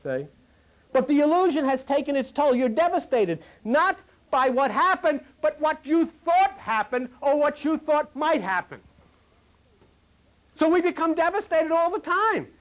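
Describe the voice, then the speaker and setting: Preacher guy with a real high voice, telling stories from the pulpit, asks the crowd stuff, drops way down quiet sometimes. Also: big pitch swings, a little slow. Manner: folksy storytelling, asks the audience questions; swings between loud and dropping to a low murmur. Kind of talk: sermon. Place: hall before a live congregation.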